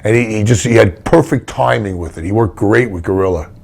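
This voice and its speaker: A man's voice: lowish voice, brisk, gravelly, a little mellow. An older man, a retired wrestler telling stories in a casual interview, blunt and rambling with many restarts.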